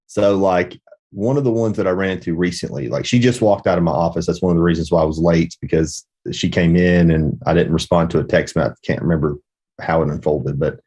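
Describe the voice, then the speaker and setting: A man with a very low voice talks casually as a podcast host. He tells a personal story in a rambling, reflective way, restarting sentences as he thinks aloud. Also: fairly even intonation, a little fast, dark tone, husky.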